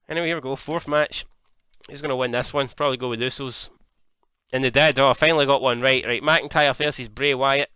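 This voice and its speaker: A young man from Scotland giving casual, jokey commentary on a wrestling video game, swearing freely and getting excited. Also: on the high side, smooth, no echo. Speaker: gaming YouTuber.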